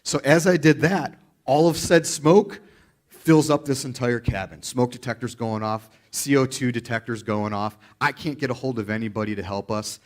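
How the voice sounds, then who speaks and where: A male pastor preaching a sermon in an animated, chatty storytelling manner. His voice sits at a middle pitch and keeps a conversational flow. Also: moderate pace.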